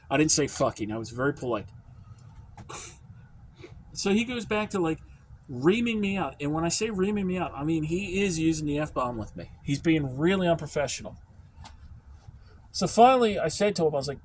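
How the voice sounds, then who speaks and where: An American man telling a work story in a casual, profane rant, animated and emphatic. His voice sits a little high for a man. A faint noise hums behind him. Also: normal speed. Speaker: field service technician.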